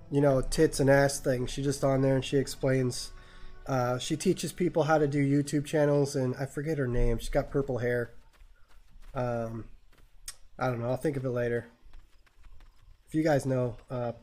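A man's voice: mid-range voice, steady tone, normal speed, warm tone, soft background music. A man streaming a game live, joking crudely and swearing as he plays. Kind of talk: live gameplay commentary.

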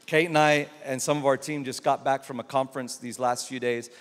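A man's voice: mid-range voice, fairly even intonation, brisk, fairly bright tone. A man preaching a sermon as pastor, telling stories animatedly with emphatic repetition. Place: large church auditorium. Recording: long reverb of a large church hall.

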